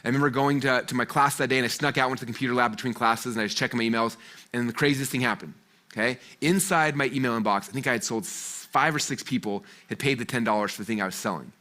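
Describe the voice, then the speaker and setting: A man in his forties speaking to a live seminar audience, telling a lively story full of fillers and acted-out voices. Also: mid-range voice, fast. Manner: animated, acts out the voices in his stories, many fillers. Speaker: guest speaker at a business seminar.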